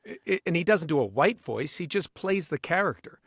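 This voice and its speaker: A man guesting on a podcast as a voice actor, talking in an animated way and slipping into quick voices. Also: on the high side, slightly rough, dry recording, studio quality. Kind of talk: casual podcast conversation.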